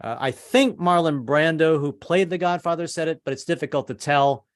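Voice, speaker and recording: A man's voice: fairly high pitch, moderate pace. A middle-aged man from New York doing a chatty stand-up set over a video call, with lots of stammered restarts. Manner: chatty, stammering restarts, puts on tough-guy voices. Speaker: stand-up comedian.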